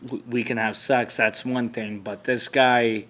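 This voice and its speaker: A man's voice: medium pitch, little pitch movement, a little slow, a bit bright, a little hiss or hum. A man co-hosting a vlog, asking questions and talking things through hesitantly, with many restarts. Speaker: boyfriend co-host asking questions. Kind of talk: casual serious chat.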